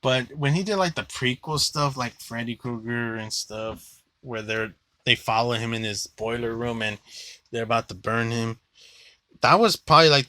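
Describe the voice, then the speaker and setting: A young man talks through a casual movie review, blunt and rambling, with plenty of filler words and casual swearing. His voice is bright and forward, recorded close and dry with no room sound. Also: mid-range voice, no room sound.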